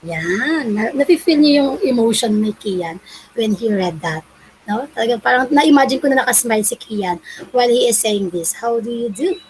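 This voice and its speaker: A woman's voice: fairly high pitch, lively intonation, normal speed, a little hiss or hum, poor audio. A woman teacher from the Philippines with a Filipino accent, leading an online English class and encouraging her pupils as she switches between Tagalog and English. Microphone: video call.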